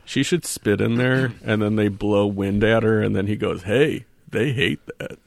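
A man's voice: lowish voice, steady tone, normal speed, creaky. A man co-hosting a podcast movie commentary, joking and riffing casually and slipping into silly voices. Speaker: podcast co-host.

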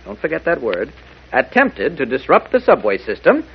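A man's voice: fairly high pitch, huge pitch swings, moderate pace, gravelly, slight background noise, exaggerated voice. An actor playing an earnest young male reporter in a 1940s radio drama, reasoning eagerly, on a muffled old broadcast. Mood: persuasive.

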